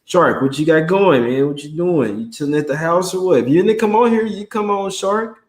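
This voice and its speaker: A man's voice: a little high, moderate pace, roomy sound, low-quality recording. Slangy, laid-back male stream host. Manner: slangy, laid-back banter, greets chat by name. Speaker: sports betting livestream host. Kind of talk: casual livestream chat.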